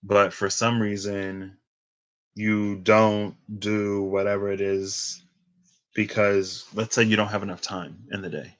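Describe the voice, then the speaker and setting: A man's voice: on the low side, little pitch movement, takes it slowly, poor audio. A man in his twenties giving a casual tarot reading, chatty and rambling off into tangents. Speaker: tarot reader.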